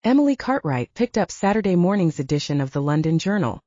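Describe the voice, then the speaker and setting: Low, mellow woman narrating an audiobook. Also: sing-song, quick pace, no echo, highs cut off.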